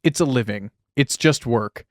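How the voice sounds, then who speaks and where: Clean studio sound with no echo carries a man's mid-range voice at a moderate pace. Co-hosting a relaxed podcast, he walks through film history, undercutting it with wry sarcasm.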